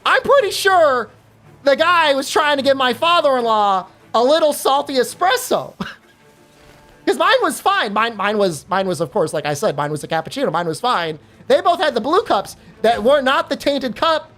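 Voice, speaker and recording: A woman streamer chatting casually while gaming, telling an animated story with lots of fillers and free swearing. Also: high-pitched, moderate pace, soft background music.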